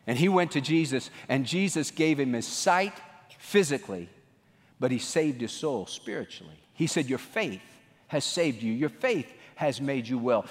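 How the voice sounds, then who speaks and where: A male pastor preaching a sermon, swinging from loud outbursts to hushed lines. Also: mid-range voice, animated, moderate pace, long reverb tail.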